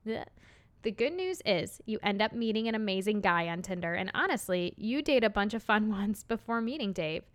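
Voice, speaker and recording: A woman's voice: medium pitch, animated. Bubbly Midwestern woman chatting. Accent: Midwestern American. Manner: bubbly, teasing, quick to laugh. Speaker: podcast co-host. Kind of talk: casual chat.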